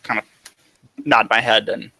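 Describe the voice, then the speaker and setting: A man's voice: on the low side, level tone, takes it slowly, vocal fry, pushed and bright, no room sound. Courtly-speaking male player. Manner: formal, courtly speech in character. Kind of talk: in-character tabletop play.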